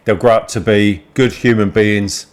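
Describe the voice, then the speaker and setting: A man's voice: on the low side, steady tone, a little slow. An older man, chatting casually and telling sweary stories about raising kids. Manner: sweary, storytelling, laughs at his own tales. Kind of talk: casual chat.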